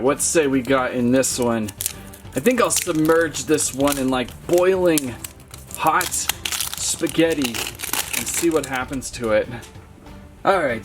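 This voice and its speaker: Playful man hosting a toy unboxing. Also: fairly high pitch. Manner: playful, jokey, mock-serious. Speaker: toy channel host. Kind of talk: casual toy unboxing commentary.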